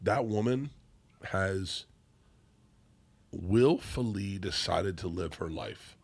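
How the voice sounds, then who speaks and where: Comedian guest, male, lowish voice, rambling excitable storyteller. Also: slow pace, gravelly, slightly rough. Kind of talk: casual podcast chat.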